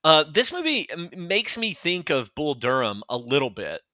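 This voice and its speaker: A man with a bright, forceful voice talks through a casual movie chat and wanders between thoughts as he goes. The sound is dry and close, with no room around it. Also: on the high side, sing-song, normal speed, no room sound. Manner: rambling, many fillers and restarts. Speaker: podcast co-host.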